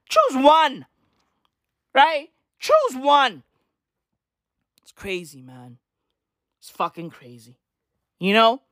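A woman rants on camera with a swinging, lively delivery, full of slang and swearing. Her voice sits fairly high and the sound is close and dry, with no room around it. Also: slow, long pauses, no echo. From South Africa. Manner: animated, swearing, slangy, repeats punchlines. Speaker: comedic vlogger. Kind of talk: profane comedic rant to camera.

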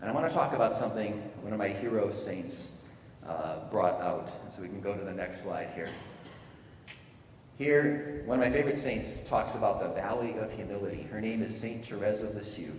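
A middle-aged man preaching a sermon, telling stories with lively acted-out quotes. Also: fairly low pitch, moderate pace, recorded from a distance, slight background noise. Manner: animated storytelling with playful acted quotes. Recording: echoey hall, speaker away from the mic.

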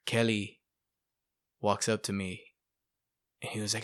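A man's voice: lowish voice, normal speed, pauses often, no room sound, studio quality. A middle-aged man telling his life story in casual chat, acting out what people said and saying "you know" and "bro" a lot. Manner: animated, acts out quotes, fillers like "you know" and "bro". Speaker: guest sharing testimony.

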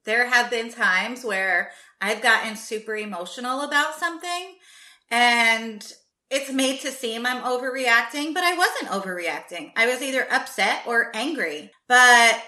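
A woman with a bright, slightly high voice, speaking emphatically and from the heart in a casual group conversation. Her voice rings out in an echoey room. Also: measured pace.

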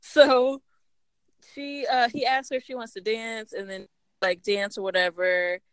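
A woman's voice: on the high side, steady tone, a little slow, smooth, dry recording. A woman co-hosting a podcast, casually recapping a story and quoting the characters. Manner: chatty, quotes characters with laughs. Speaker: podcast co-host.

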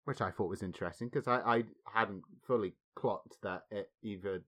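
A man co-hosting a film podcast, speaking in a measured way and chuckling often. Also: fairly low pitch, bright, forceful tone. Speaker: podcast co-host. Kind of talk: casual film discussion.

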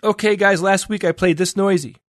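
A man's voice: high voice, steady tone, brisk, dry recording, clean studio sound. A man co-hosting a podcast, casually reading out listener emails with playful, laughing asides. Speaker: podcast co-host presenting a listener segment.

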